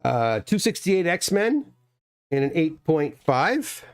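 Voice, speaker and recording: A man's voice: fairly high pitch, very animated, slow, dry recording. Chatty man hosting a live unboxing. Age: middle-aged. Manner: rambling, chatty, reads chat comments aloud. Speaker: livestream host unboxing graded comics. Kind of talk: casual live-stream chat.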